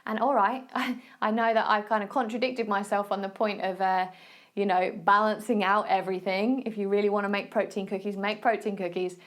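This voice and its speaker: A woman's voice: medium pitch, flat delivery, a little fast. A woman with an Essex accent hosting a solo podcast, giving nutrition advice in a chatty, encouraging way and often checking in with the listener. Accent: Essex English. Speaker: podcast host and nutrition coach. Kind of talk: casual solo podcast talk.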